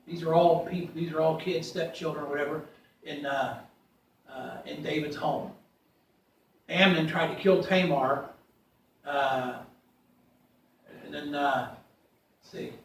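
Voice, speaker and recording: Man, preacher, high voice, reads scripture aloud, loud then quiet, big church echo, distant mic. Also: a little slow, gravelly, long pauses, a little hiss or hum. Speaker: pastor. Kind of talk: sermon. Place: church sanctuary. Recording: echoey church from far off.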